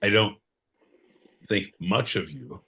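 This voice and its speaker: A man co-hosting a podcast in casual comedic banter, loud and profane with sudden bursts of energy. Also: low voice, animated, slow. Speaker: podcast co-host.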